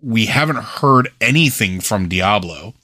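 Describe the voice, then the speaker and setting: With a fairly low pitch, lively intonation and a sharp tone, this man keeps a measured pace. He co-hosts a podcast, chatting casually and rambling with lots of fillers, in studio quality with no room sound.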